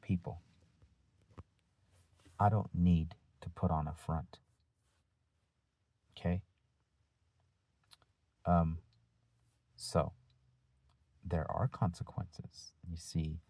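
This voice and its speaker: A male teacher giving a deliberate, firm talk to his students, using rhetorical questions and pauses. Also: low-pitched, steady tone, dry recording. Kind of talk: lecture-style talk to students.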